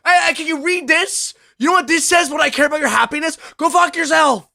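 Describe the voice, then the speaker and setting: Male game streamer, high bright voice, theatrical mock-whining rants at chat. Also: fairly quick, vocal fry, hardly any pauses. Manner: melodramatic, mock-whining outbursts. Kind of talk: live gameplay stream chat.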